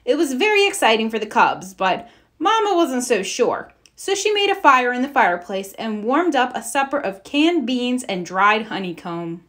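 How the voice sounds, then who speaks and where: A woman narrates a children's picture book in a read-aloud style. She makes the characters' lines expressive, giving each of them its own voice. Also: a little high, moderate pace. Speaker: storybook reader.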